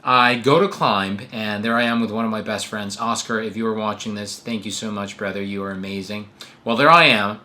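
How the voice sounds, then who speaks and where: Earnest young man with a bright voice. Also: lowish voice, a little fast. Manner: earnest, animated retelling with acted quotes. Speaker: vlogger. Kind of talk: personal storytelling vlog. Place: New York City.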